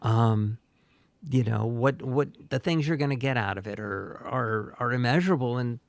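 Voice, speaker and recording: Male co-host, gravelly midrange voice, dry close sound, rambling and casual. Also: mid-range voice, normal speed, no echo. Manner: rambling, many fillers and restarts. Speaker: podcast co-host. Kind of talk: casual chat.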